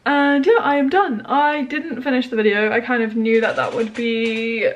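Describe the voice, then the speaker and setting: A woman's voice: on the high side, fairly even intonation, moderate pace. Chatty young woman vlogging. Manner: chatty, lots of likes and you knows. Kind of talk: casual vlog chat.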